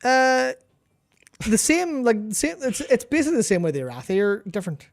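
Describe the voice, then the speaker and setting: A man's voice: very high-pitched, sing-song, fairly quick, gravelly. A man co-hosting a casual gaming chat, rambling, repeating words while he hunts for terms, and swearing casually. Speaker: podcast co-host.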